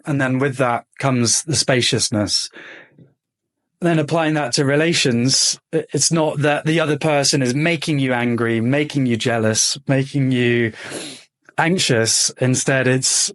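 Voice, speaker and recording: Male podcast host, earnest and reflective, average pitch. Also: measured pace, fairly bright tone. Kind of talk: reflective personal sharing.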